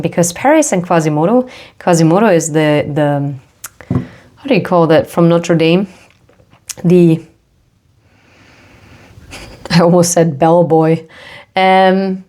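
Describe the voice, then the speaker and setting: Slow, low-voiced chatty tarot reader woman. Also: a little mellow. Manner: chatty, self-interrupting, laughs at her own slips. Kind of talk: casual tarot reading to camera.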